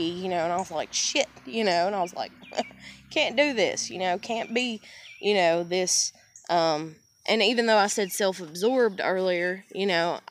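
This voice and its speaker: A woman with a lowish voice delivers a casual, personal monologue. She's candid and swears a lot, rambling, restarting her sentences, and saying "you know" over and over.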